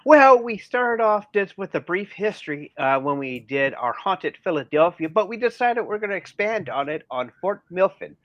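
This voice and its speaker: A man's voice: high voice, big pitch swings, moderate pace, few pauses, fairly bright tone, dry recording, dull audio. A man co-hosting a casual podcast, talking in a playful, jokey way. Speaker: podcast co-host.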